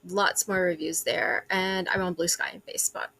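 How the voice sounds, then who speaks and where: A woman's voice: lowish voice, fairly even intonation, moderate pace, vocal fry, noisy background. A woman film critic who is a podcast guest, speaking with hesitant ums. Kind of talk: casual interview.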